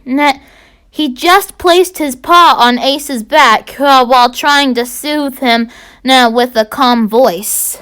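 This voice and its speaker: Halting woman reading a story aloud. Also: high voice, a bit bright. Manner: halting, many fillers and restarts.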